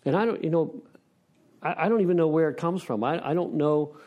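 A man's voice: fairly high pitch, fairly quick, highs cut off. A middle-aged man from Pennsylvania giving a candid personal share at a recovery meeting, frank and wry, rambling with restarts and self-deprecating laughs.

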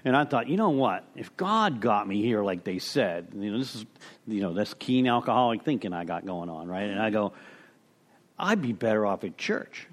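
A man's voice: fairly low pitch, sing-song, normal speed. A middle-aged man sharing his personal story with a recovery group, rambling and interrupting himself, chuckling at his own tale. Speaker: speaker sharing at a recovery meeting.

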